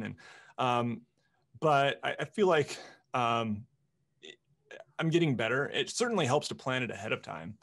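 A man with a gravelly, fry-laden voice speaking as a guest on a panel. He talks in a hesitant, halting way, with plenty of fillers and restarts. His pitch sits at an ordinary middle level. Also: expressive, a bit bright. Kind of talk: casual panel discussion.

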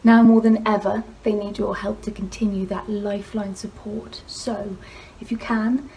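Woman, charity appeal read to camera, earnest and emphatic, pitch in a middle range. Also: level tone, moderate pace, gravelly, dark tone, slight background noise, poor audio. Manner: earnest, emphatic, repeating words for stress. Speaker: actress.

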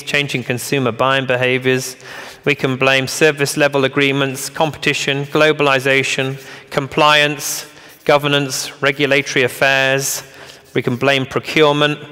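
A man's voice: mid-range voice, sharp tone. A man giving a motivational keynote speech on stage, punchy and emphatic, with joking asides and rhetorical questions. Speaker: keynote speaker. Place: large conference hall. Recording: long hall reverb.

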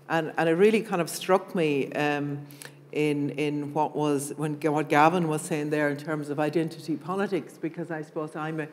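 Woman politician, even flat voice, repeats words, long hall echo. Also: deep voice, normal speed. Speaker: politician on a panel. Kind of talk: panel discussion. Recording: hall with long reverb, faint hum.

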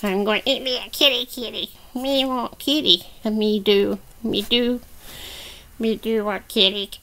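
A woman's voice: on the high side, steady tone, measured pace, pushed and bright. A woman voicing a small, hungry, mischievous alien baby who speaks in broken baby talk.

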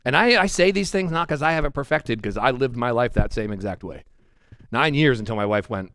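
A middle-aged male pastor giving a verse-by-verse sermon in a chatty, animated way, often checking in with "right?". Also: mid-range voice, brisk, no room sound. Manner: conversational, animated preaching with frequent "right?" asides. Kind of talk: expository sermon. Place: church sanctuary.

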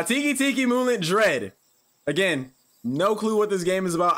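A man's voice: fairly high pitch, a bit bright. A young man commentating a horror game playthrough, joking, swearing and reading the game's text aloud. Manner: jokey, profane, reads game text aloud. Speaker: gaming YouTuber.

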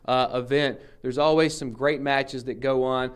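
A man's voice: mid-range voice, steady tone, measured pace, clear, resonant tone. A man hosting a local news show, asking friendly, conversational questions with many "uh"s. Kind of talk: TV interview.

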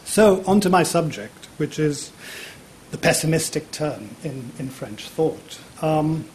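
A man in his fifties, a university politics lecturer, giving a public lecture in a lecture theatre, often pausing on fillers and repeating words. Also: a little high, animated, a little mellow, a little hiss or hum.

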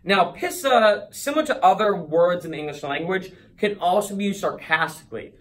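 A man's voice: sits high, animated, moderate pace. A young man from the Boston area chatting casually to camera, laughing and acting out little scenes as he explains slang.

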